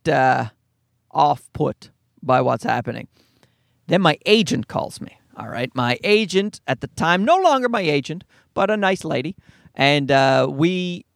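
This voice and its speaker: A young man delivering a profane stand-up story with a high, lively voice that leaps around as he acts out the other people. The sound is close and dry. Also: no room sound. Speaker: comedian.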